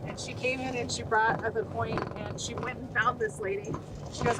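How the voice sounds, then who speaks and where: A middle-aged woman speaking earnestly as a guest on a podcast interview, telling stories with animated energy. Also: a little high, fairly quick, heavy background noise. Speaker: guest, nonprofit founder.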